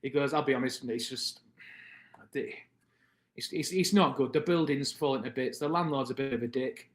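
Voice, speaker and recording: A man in his thirties with a British accent, a podcast guest telling his story in a lively, casual way and acting out the other people's lines. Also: medium pitch, normal speed. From Britain. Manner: animated, acts out the voices of people in his stories. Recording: echoey room.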